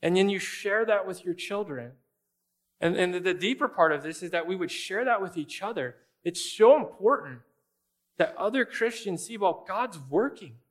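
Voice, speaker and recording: A man's voice: high voice, lively intonation, normal speed. A man preaching a sermon as a pastor, conversational and emphatic, often speaking straight to his listeners.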